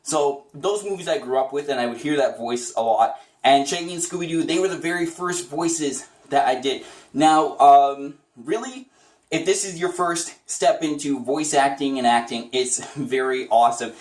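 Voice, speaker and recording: A man's voice: fairly high pitch, moderate pace, recorded from a distance. A man teaching voice impressions in a casual, chatty tutorial, upbeat and often laughing. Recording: roomy echo, away from the mic.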